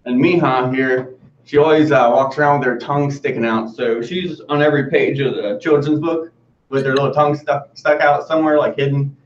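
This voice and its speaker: A man's voice: mid-range voice, steady tone, fairly quick, slight background noise. A man being interviewed over a video call, upbeat and a little shy, laughing easily as he talks about his dogs. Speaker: interview guest. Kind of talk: casual interview. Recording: distant, dull, echoey call audio.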